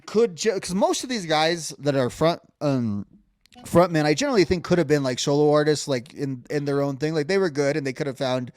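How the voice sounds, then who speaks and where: A man's voice: on the high side, lively intonation, fairly quick, a little mellow, dry recording. Rambling man on a dry close mic. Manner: rambling, many restarts and fillers, hums melodies. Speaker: podcast co-host. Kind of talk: casual music discussion.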